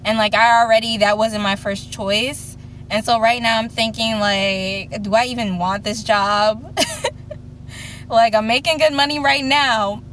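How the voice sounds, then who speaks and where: Her voice runs on the high side and a bit bright, with fairly even intonation at a moderate pace, and slight background noise. She's a woman in her 20s vlogging from a parked car, casually telling a long story and impersonating the people she quotes.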